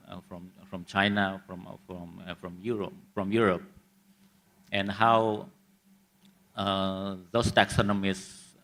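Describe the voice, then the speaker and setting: A man speaking on a conference panel, halting and repeating words with many fillers. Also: low voice, a bit bright.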